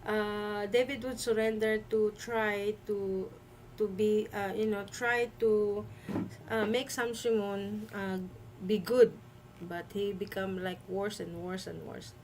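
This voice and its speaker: A woman's voice: mid-range voice, level tone, takes it slowly, darkish tone, slight background noise, low-quality recording. A woman hosting a livestream, talking hesitantly with many fillers and restarts. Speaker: livestream host. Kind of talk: livestream commentary.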